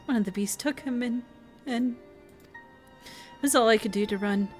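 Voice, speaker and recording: A woman voicing a halting, grieving young villager. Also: a little high, soft background music, pitched above the performer's own voice, lightly acted. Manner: halting, hurt and quiet. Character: grieving young villager who lost a friend.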